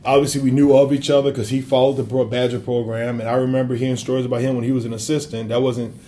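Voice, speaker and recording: Earnest man, mellow voice, reminiscing. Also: medium pitch, flat delivery, quick pace, a little hiss or hum. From Wisconsin. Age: 30s. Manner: earnest, many fillers. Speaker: assistant basketball coach. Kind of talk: reflective interview answers.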